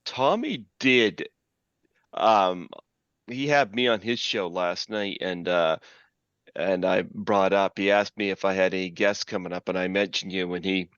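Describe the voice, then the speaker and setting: A man's voice: sits low, unhurried, a bit bright, clear, resonant tone, no room sound, highs cut off. A man hosting a podcast interview, easygoing and laughing along with his guest. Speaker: podcast host. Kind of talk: casual interview chat.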